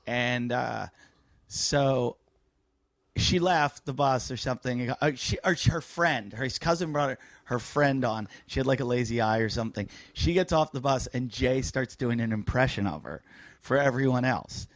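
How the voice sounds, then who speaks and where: A man's voice: medium pitch, moderate pace, no room sound. A man, a comedian guest on a podcast, telling stories in rambling casual chat full of fillers. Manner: rambling storyteller with many fillers.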